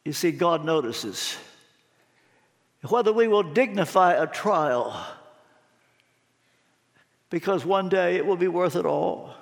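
A man preaching a sermon, telling stories expressively and dropping suddenly to quiet tones. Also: high-pitched, animated, takes it slowly, creaky, pauses often. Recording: long hall reverb.

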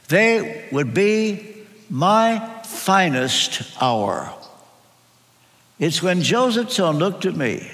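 An older male pastor delivers a sermon in an earnest storytelling way, leaning on pauses and repeated phrases. He talks slowly, with a lively voice that rises and falls widely and sits a little high. His words ring out with a long reverb in a large church hall.

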